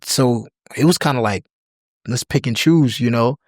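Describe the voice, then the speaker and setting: A young man from the United States, a podcast guest in casual chat, relaxed and full of "you know" and "like" fillers, now and then imitating accents. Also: mid-range voice, moderate pace, dry recording, studio quality. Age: young adult.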